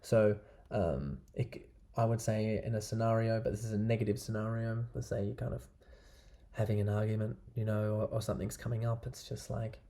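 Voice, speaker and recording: Male dating coach, relaxed chatty delivery with a low, warm voice. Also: a little fast. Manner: chatty, loose, keeps asking "right?". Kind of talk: casual advice talk to camera.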